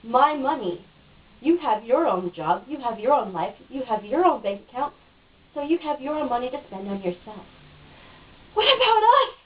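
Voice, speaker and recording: High-voiced woman ranting, lo-fi recording. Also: expressive, moderate pace. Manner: frustrated, ranting, cynical. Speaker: interviewee. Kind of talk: casual home video interview. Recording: dull lo-fi, mic at a distance.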